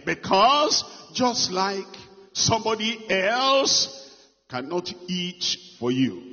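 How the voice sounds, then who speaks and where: A man preaching a sermon, stressing and repeating phrases, moving between loud lines and hushed ones. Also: high voice, very animated, slow. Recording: muffled long hall reverb.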